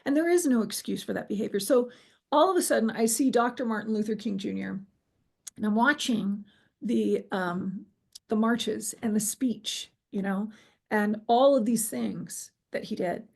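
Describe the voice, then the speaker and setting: A woman sharing her near-death experience in an earnest, halting way, restarting sentences and quoting her own thoughts. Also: mid-range voice, gravelly, slightly rough. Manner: earnest, halting, with many restarts and quoted inner voice. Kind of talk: emotional personal storytelling.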